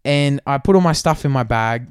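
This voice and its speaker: Young australian man, podcast co-host, casual storytelling, smooth clear voice, dry close sound. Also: medium pitch, moderate pace, no echo. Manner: animated, swears freely, lots of fillers.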